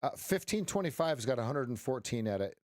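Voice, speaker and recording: A man's voice: medium pitch, big pitch swings, brisk, a little mellow, no echo, studio quality. A middle-aged man hosting a casual live trading stream as a coach, rambling and joking with frequent restarts and "right?" tags.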